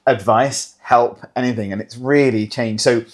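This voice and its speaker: Very low-voiced woman host. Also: steady tone. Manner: warm affirming listener, halting questions. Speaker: podcast host. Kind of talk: casual interview chat.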